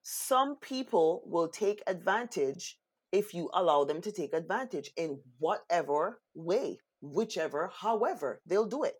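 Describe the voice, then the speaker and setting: A woman co-hosting a casual talk, telling stories in an animated way and acting out what people said. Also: fairly low pitch, unhurried, husky. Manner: animated storyteller, acts out quotes. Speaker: co-host. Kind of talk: casual chat.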